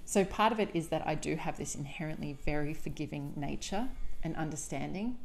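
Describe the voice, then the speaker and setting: A woman's voice: deep voice, darkish tone. A woman hosting a solo podcast, speaking candidly and emphatically, often swearing. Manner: candid, confessional. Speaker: podcast host.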